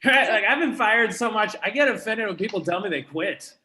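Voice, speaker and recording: A man's voice: high-pitched, animated, a little fast, pushed and bright, a little hiss or hum. A young man from Canada doing a live stand-up comedy set, self-deprecating and conversational. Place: comedy venue with live audience.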